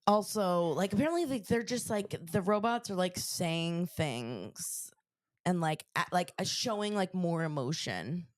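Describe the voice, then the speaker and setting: A woman co-hosting a podcast, chatting casually and stringing her thoughts together with constant "like"s. Her voice sits low for a woman, and the recording is dry and close. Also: measured pace, no room sound. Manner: chatty, many "like" fillers, animated retelling. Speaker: podcast co-host. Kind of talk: casual chat.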